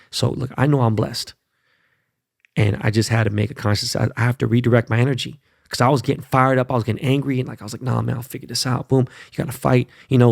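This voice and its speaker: A man's voice: mid-range voice, creaky, darkish tone, dry recording, studio quality. A man hosting his own podcast, talking bluntly and profanely in a fired-up casual monologue, often tagging lines with "right?" and "okay?". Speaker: podcast host.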